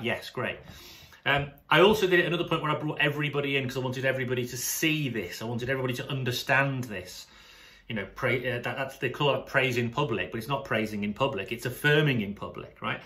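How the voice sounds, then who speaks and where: A man with a British accent, a sports coach talking casually to camera in an animated, chatty way, often restarting his sentences. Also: mid-range voice, fast talker. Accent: British English. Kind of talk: casual vlog monologue to camera.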